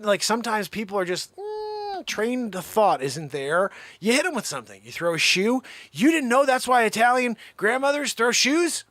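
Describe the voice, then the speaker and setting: A man hosting a livestream, riffing an improvised comedy rant to his chat, animated and jumping between put-on voices and whispers. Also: high-pitched, dry recording. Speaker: livestream host.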